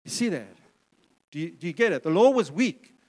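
A man's voice: high-pitched, sing-song, normal speed, a little mellow, long reverb tail. A man preaching a sermon in a conversational way, with joking asides and repeated words. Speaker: pastor.

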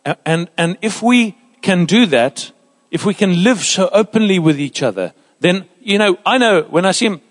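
A man preaching a sermon in a church, emphatic and lively, dropping into soft asides. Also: sits high, normal speed, few pauses. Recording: reverberant church hall.

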